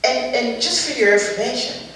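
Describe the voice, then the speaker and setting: An older woman comedian doing stand-up on a charity show stage, telling stories in an animated, exasperated way with punchy asides. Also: a little high, normal speed. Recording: echoey hall, voice far from the mic, faint ambience.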